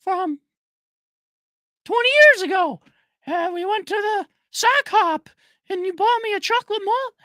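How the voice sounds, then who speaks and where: A man voicing a faded middle-aged ex-girlfriend in a high, sing-song voice. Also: animated, unhurried, long pauses, pushed and bright, dry recording, studio quality, full character voice. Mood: chirpy.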